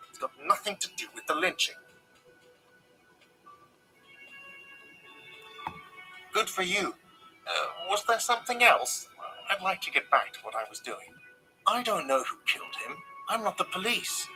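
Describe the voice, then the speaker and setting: A grumpy middle-aged hostel manager in a game, brushing off questions with curt, defensive answers. His voice sits a little high and rings very bright and edgy. He is plainly annoyed at being bothered. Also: big pitch swings, moderate pace, faint music behind, full character voice, poor audio. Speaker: game character.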